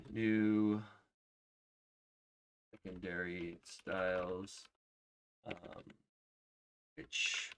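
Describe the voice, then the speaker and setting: A man live-streaming his coding, reading out names as he checks them and thinking aloud, often trailing off into quiet murmurs. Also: sits low, a little hiss or hum. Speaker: livestreaming software developer. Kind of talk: casual live-coding commentary.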